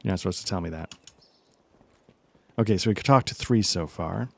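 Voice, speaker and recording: A man's voice: deep voice, fairly quick, gravelly. A man hosting a let's play, chatting casually and rambling through self-deprecating asides while he games. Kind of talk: casual commentary while gaming.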